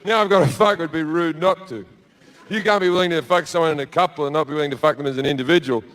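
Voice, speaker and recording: Before a live comedy club audience, a middle-aged man does stand-up with a handheld mic, bluntly telling a crude story packed with swearing. His voice is a little high, fast and a bit bright.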